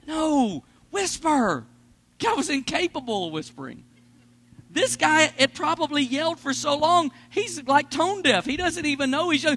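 Male pastor, very high voice, animated sermon delivery, loud then hushed. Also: normal speed. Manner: animated preaching, swings between loud and hushed.

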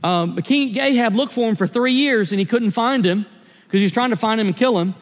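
High-voiced pastor in a reverberant church. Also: male voice, a little fast. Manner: earnest, confessional storytelling. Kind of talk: sermon. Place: church sanctuary.

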